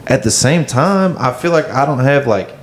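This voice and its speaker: A young man co-hosting a podcast in casual chat, halting and reflective, full of fillers. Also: medium pitch, expressive. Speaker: podcast co-host.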